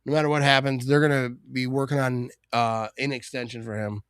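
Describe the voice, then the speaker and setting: A man hosting a live watch party, calling the plays and reacting with excitable energy. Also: medium pitch, smooth, dry recording, clean studio sound. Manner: calls plays rapidly, bursts into excited shouting. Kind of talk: play-by-play commentary.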